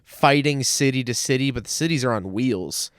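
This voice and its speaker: A man's voice: mid-range voice, moderate pace, clean tone, no echo, clean studio sound. A man co-hosting a podcast, explaining things in casual chat with lots of "um" and "like". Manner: explains at length, with many fillers like "um" and "like". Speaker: podcast co-host.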